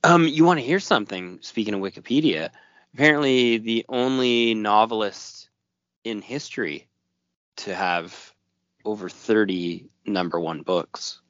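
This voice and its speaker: A man's voice: lowish voice, measured pace, a bit bright, no echo. A man co-hosting a podcast in casual chat, blunt, joking and freely swearing, recorded dull and dry. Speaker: podcast co-host.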